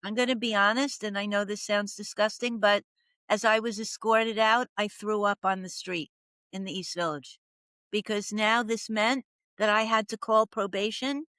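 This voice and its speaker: An older woman, a professional coach, tells her story as a podcast guest in a storytelling interview, dramatically acting out the voices of people she quotes. Her medium-pitched voice is steady and fairly bright at a moderate pace, in a dry recording.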